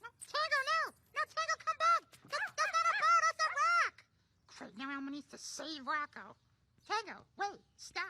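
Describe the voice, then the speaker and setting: A woman narrating a children's cartoon clip in a bright sing-song way. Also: very high-pitched, normal speed, heavy background noise, pitched above the performer's own voice.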